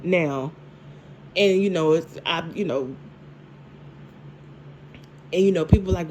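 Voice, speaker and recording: A woman, casually recapping a TV drama episode, animated and laughing, with lots of repeats and restarts. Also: on the low side, slow pace, long pauses, slight background noise. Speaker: TV show reviewer.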